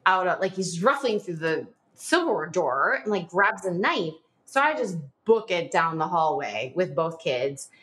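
Animated woman retelling a hard story. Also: on the low side, normal speed, few pauses. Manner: animated, frequent filler "like", reenacts dialogue. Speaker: podcast guest. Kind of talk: personal storytelling in an interview.

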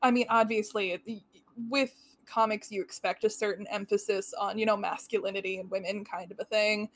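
A woman's voice: medium pitch, steady tone, fairly quick, dry recording. A woman co-hosting a podcast, working through her notes with wry, thoughtful commentary. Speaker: podcast co-host. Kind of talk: casual comic-book analysis.

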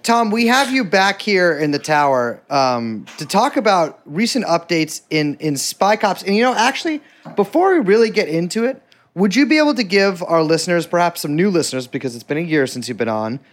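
A man hosting a podcast, joking around in animated banter. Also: high voice, brisk. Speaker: podcast host. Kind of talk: casual chat.

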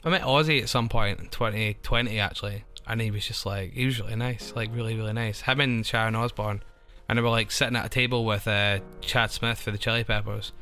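Bright-voiced young Scottish man, rambling. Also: fairly low pitch, steady tone, brisk, few pauses, smooth, soft background music. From Scotland. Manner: rambling, full of "like" fillers, self-described anxious. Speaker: touring musician guest. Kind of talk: casual podcast chat.

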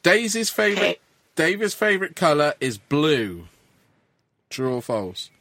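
A man's voice: on the high side, big pitch swings, unhurried, gravelly, pushed and bright, slight background noise. A man hosting a casual quiz, stumbling over names and laughing along as he reads the questions. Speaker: quiz host.

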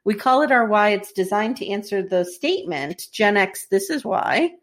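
A woman in her forties co-hosting a podcast, chatting casually and acting out scenes with lively voices. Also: mid-range voice, normal speed. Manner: animated, acts out scenes with voices and laughs. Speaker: podcast co-host. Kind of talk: casual chat recapping a TV series.

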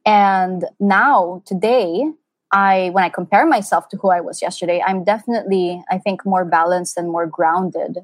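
An earnest woman talks openly as an interview guest. She sounds like she's in her thirties, animated and full of fillers as she tells her stories. Her voice is close and dry, with no room sound. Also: on the low side, normal speed, dry recording. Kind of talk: casual conversational interview.

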